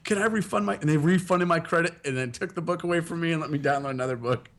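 A man's voice: fairly high pitch, fast, fairly bright tone. Laid-back, joking man in casual chat.

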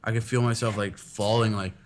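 A man's voice: fairly low pitch, steady tone, a little fast, a little hiss or hum. A man in casual conversation, laid-back and jokey, swearing offhandedly. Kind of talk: casual chat.

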